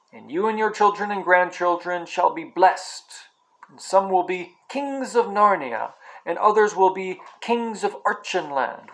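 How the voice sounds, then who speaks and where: A man's voice: high voice, low-quality recording. Aslan, a man reading a solemn kingly lion. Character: great male lion, solemn, kingly and kind.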